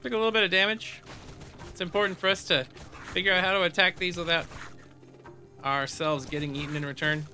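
A man chats his way through a game he is playing, reading the text on screen aloud and breaking into silly hums and sound effects. His voice sits a little high for a man and has a very bright, forceful edge. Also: steady tone, brisk, pauses often, faint music behind. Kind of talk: casual let's play commentary.

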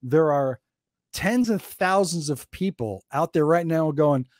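A man's voice: a little high, measured pace, no echo. A man from New Jersey, a guest on a podcast, telling stories in a casual chat and acting out the quotes. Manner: animated storyteller, acts out quotes.

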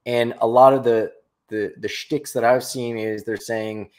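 A man's voice: medium pitch, steady tone, a little slow, darkish tone. A man co-hosting a casual podcast chat, rambling and jokey, often correcting himself mid-sentence. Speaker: podcast co-host.

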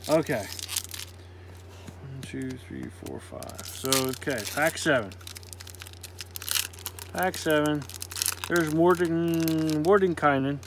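Man, unhurried casual card-opening commentary, fairly high voice, self-deprecating jokes. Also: expressive, vocal fry, background noise. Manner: slow, drawn-out calling of card names with self-deprecating asides. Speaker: card pack opener.

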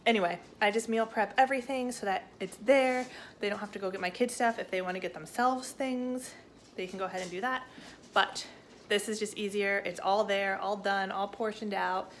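A woman's voice: medium pitch, steady tone, normal speed, a little hiss or hum. Chatty young mom rambling on her sofa. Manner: rambling, chatty, many fillers like "like" and "um". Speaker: family vlogger and mother. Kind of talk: casual chat to camera. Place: living room sofa at home.

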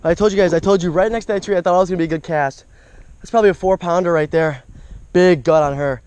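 A man's voice: high-pitched, steady tone, fast, darkish tone, clear, resonant tone, poor audio. A young man vlogging his fishing trip outdoors by a creek, talking into an action camera and exclaiming over each catch. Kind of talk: casual outdoor commentary.

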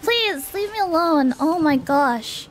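High-voiced excitable young woman streamer. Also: slow pace, faint music behind. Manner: excitable, chatty, pleading under pressure. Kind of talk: live gameplay commentary.

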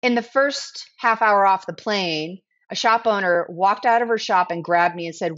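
Animated woman guest telling a story. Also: medium pitch, moderate pace, hardly any pauses, lo-fi sound. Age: 40s. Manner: animated, acts out quoted dialogue. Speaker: guest, brand founder. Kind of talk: casual storytelling interview.

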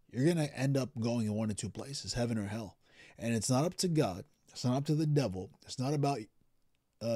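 A man's voice: mid-range voice, a little mellow, dry recording, studio quality. A man hosting a reaction video, giving earnest preacherly commentary straight to his viewers. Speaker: reaction channel host.

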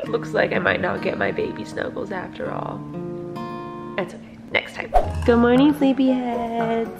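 A woman's voice: mid-range voice, very animated, normal speed, creaky, dull audio, over music. Chatty woman vlogging at home. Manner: hushed at first, then chatty and upbeat with her daughter. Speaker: family vlogger. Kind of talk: casual vlog chat. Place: home kitchen, indoors.

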